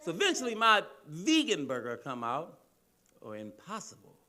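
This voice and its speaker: A man from Cleveland doing a loud, profane, animated stand-up routine on a comedy club stage. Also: a little high, normal speed. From Cleveland, Ohio, US.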